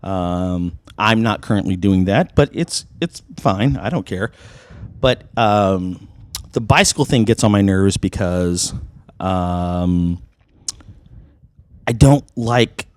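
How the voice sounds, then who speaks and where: A man's voice: low voice, slow pace, no echo. Profane storytelling man, dry sound. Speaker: podcast co-host. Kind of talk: casual chat over drinks.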